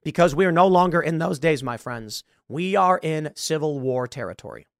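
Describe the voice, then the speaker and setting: A man's voice: a little high, expressive, normal speed, vocal fry, no echo, studio quality. A man hosting a podcast, telling a long story and acting out the dialogue. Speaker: show host. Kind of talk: podcast monologue.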